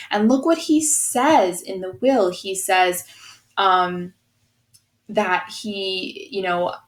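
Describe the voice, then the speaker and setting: A woman's voice: on the low side, roomy sound, rough recording. A woman teacher recording a lesson, explaining a text and checking in often with her students.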